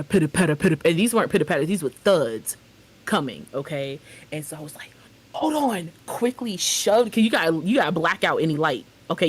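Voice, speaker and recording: A woman's voice: fairly low pitch, breathy edge. A young adult woman co-hosting a podcast, telling a story in casual, slangy chat and acting out the voices she quotes. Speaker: podcast co-host.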